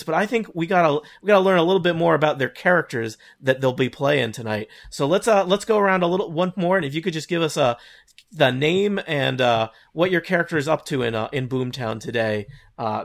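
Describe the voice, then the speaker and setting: A man's voice: fairly high pitch, lively intonation, brisk, creaky. A man hosting a tabletop role-play podcast as game master, explaining rules in a chatty way. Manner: chatty, many fillers and restarts.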